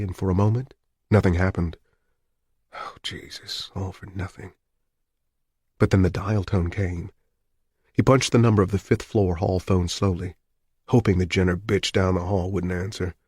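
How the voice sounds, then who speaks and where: Deep, husky male reader for a tense thriller audiobook, close dry mic. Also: a little mellow, dry recording. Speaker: audiobook narrator. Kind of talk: scripted narration.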